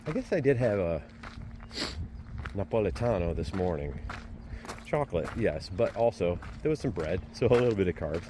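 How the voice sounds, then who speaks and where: A man's voice: sits low, very animated, normal speed, long pauses. A man talking casually to his camera while walking outdoors, chatty and joking to himself. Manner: chatty, rambling, self-joking. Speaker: vlogger walking a pilgrimage. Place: outdoors, walking through a town. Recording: outdoor street noise.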